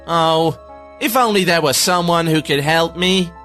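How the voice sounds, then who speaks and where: A man's voice: on the high side, measured pace, sharp tone, faint music behind. A man acting an eager, naive young gamer in a comedy radio ad skit, full of gee-whiz wholesome enthusiasm. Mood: wide-eyed. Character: eager naive young male WoW fan.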